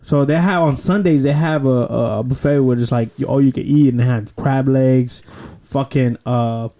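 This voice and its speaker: A man hosting a casual podcast, telling rambling stories full of fillers and swearing, with a lively voice that jumps up when he retells funny moments. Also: medium pitch, normal speed. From Cuban heritage. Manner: rambling storyteller, heavy swearing, many fillers. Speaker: podcast host. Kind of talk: casual chat. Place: indoors, home setting without a studio. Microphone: headphones and mic, podcast setup.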